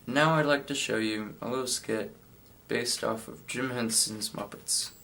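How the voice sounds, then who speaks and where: A man's voice: mid-range voice, steady tone, unhurried, gravelly, pushed and bright, slight background noise, poor audio. A sixteen-year-old boy talking candidly and reflectively about his own life. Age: teenage. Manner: candid, reflective, shifts into playful voices. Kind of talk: personal storytelling. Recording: music playing underneath.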